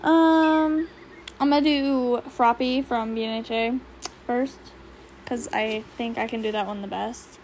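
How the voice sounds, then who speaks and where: A woman's voice: a little high, steady tone, measured pace, darkish tone, slight background noise. A teenage girl chatting casually at home with a friend, a little shy and mumbly. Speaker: vlogger. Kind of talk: casual chat.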